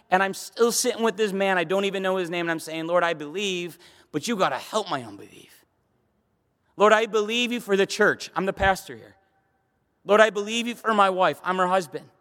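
High-voiced man preaching in a reverberant hall. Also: fairly bright tone. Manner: emphatic preaching, rising to high urgent bursts. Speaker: pastor. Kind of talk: sermon. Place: church sanctuary. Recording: long reverb of a church hall.

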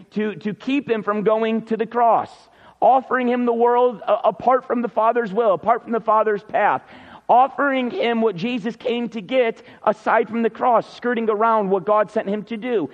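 A man's voice: very high voice, big-room sound, muffled recording. A man preaching a Sunday sermon, earnest and emphatic, repeating key words for stress. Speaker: pastor.

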